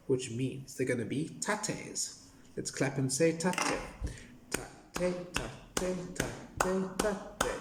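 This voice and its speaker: A man leading a children's music lesson, playful and animated, counting and chanting rhythms to clap along to. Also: medium pitch. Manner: playful, animated, sing-song counting and clapping. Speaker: music teacher for young children. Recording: echoey room with background noise.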